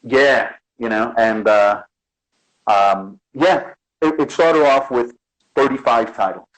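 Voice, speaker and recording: A guest artist from the Bronx, New York, chats casually in an interview, an animated storyteller who acts out quotes. His mid-range voice is slow, and the recording is rough.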